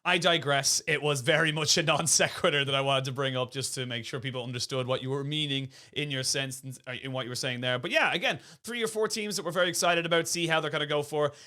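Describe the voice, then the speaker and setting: A man's voice: on the high side, steady tone, fast talker, hardly any pauses, bright, forceful tone. An Irish man hosting an esports panel, joking through tangents and steering the talk with laughing asides. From Ireland. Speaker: esports show host. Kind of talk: casual chat, hosting.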